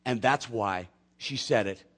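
Delivering a sermon, this male pastor has a mid-range, slightly rough voice and a measured pace. He tells a personal story with lots of animation, voicing each character himself.

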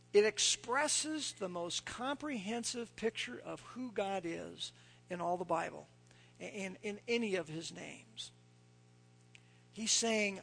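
A man preaching a sermon, telling folksy stories and dropping to a hushed near-whisper when he quotes scripture. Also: high voice, creaky, slightly rough. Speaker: pastor.

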